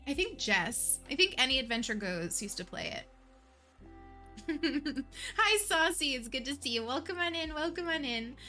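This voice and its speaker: A woman hosting a livestream, chatting casually and warmly with her viewers, emotional and laughing often. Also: high-pitched, sing-song, normal speed, soft background music. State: emotional, near tears. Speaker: livestream host.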